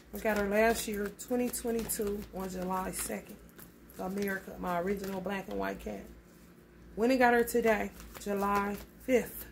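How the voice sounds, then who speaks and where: A woman's voice: medium pitch, vocal fry, a little hiss or hum. A woman giving a casual tarot reading, blunt and profane, calling her listeners honey. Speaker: tarot reader.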